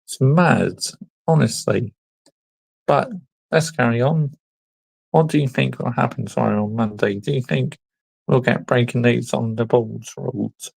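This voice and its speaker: A man talks football in a measured, emphatic way. He speaks slowly, and his voice is strongly gravelly and husky. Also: medium pitch, dry recording, poor audio. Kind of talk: casual football chat.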